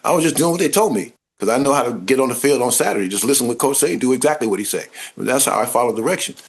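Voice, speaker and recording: A man in a casual interview, telling stories in an animated, informal way and acting out the voices of people he met. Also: medium pitch, rapid-fire. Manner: informal speech with dropped grammar. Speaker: interview guest, former football player turned actor. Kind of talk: casual anecdotal storytelling.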